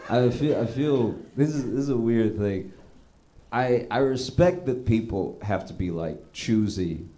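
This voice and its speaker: A male stand-up comedian telling stories in a conversational way, breaking into animated, high-pitched rants. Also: unhurried. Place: comedy stage.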